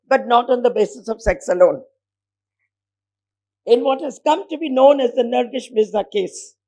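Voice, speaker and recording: A woman speaks from the podium in a high, clear voice. She delivers her points with rhetorical weight and slows down on the words that matter. It sounds like a formal address to an audience of lawyers. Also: darkish tone. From India, born in Bombay. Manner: emphatic, rhetorical, pauses on key words. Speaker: speaker at a legal lecture event. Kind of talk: formal public speech.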